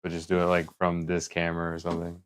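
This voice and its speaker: Deep, smooth-voiced male streamer. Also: completely flat delivery, quick pace. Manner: rambling, thinking aloud. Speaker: livestreamer. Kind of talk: casual live-stream chat.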